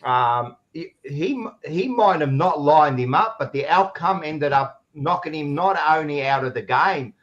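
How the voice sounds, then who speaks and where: A man's voice: on the high side, expressive, measured pace, hardly any pauses, fairly bright tone, muffled recording. An Australian man hosting a casual sports podcast, rambling and blunt, often restarting his sentences. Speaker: podcast host.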